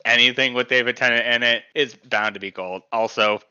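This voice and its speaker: A man's voice: mid-range voice, fairly even intonation, fairly quick, sharp tone, smooth. A man co-hosting a podcast, chatting enthusiastically and sharing opinions on a movie. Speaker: podcast co-host. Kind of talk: casual chat. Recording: dull lo-fi mic.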